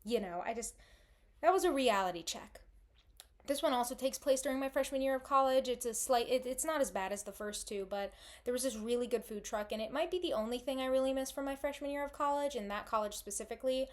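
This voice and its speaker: A woman's voice: high voice, quick pace. A young woman telling embarrassing stories in a casual, self-deprecating way, rambling with frequent restarts. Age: young adult. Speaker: vlogger. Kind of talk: casual storytelling monologue.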